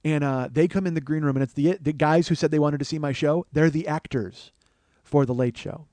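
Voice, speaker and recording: Speaking briskly in a slightly high voice over a dry recording, a comedian in his 40s recounts something that happened to him on a podcast. He swears frequently and animates the story by performing others' lines, voicing the crowd loudly.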